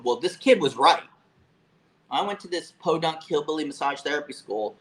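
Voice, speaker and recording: A man in his fifties from Florida, telling stories as an interview guest in a casual, profane, animated way with frequent fillers. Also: fairly high pitch, normal speed, poor audio. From Florida, USA. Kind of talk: casual storytelling.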